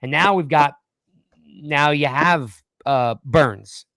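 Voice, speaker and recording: A man's voice: a little high, slow, pushed and bright, no room sound. A man in his forties hosting a casual live-stream chat, rambling and joking, with frequent restarts. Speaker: podcast host.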